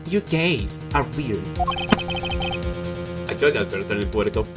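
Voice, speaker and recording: A man's voice: on the low side, expressive, a little fast. A man streaming a game, making campy jokes and giggling as he chats. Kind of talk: casual game commentary. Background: game music.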